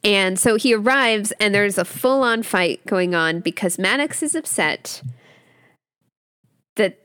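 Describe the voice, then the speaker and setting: A woman co-hosts a casual podcast chat and retells a plot with a very lively, up-and-down voice at a middle pitch. She acts out the characters as she goes. The recording is close and dry. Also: takes it slowly, clear, resonant tone, no echo. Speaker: podcast co-host.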